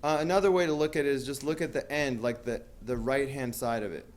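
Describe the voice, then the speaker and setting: A man's voice: mid-range voice, quick pace. A man teaching a math class, talking casually with lots of fillers and asking students questions. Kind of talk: classroom lecture.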